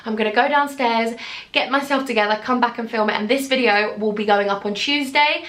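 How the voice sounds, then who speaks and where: A woman's voice: a little high, fairly quick, a bit bright. A young woman in her twenties telling a personal story in a vlog, tearful, earnest and heartfelt as she speaks straight to her viewers. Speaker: YouTuber.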